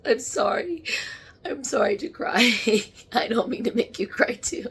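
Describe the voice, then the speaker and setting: A woman speaking in a halting, emotional monologue as she channels spirits, moving between soft murmurs and sudden exclamations. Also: sits high, lively intonation, breathy edge.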